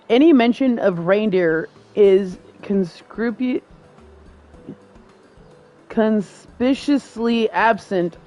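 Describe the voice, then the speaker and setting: A woman's voice: medium pitch, darkish tone, highs cut off, natural voice. A woman reading the lines of a formal, lecturing male folklore professor from a game, quizzing and stumbling over long words. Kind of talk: reading game dialogue aloud.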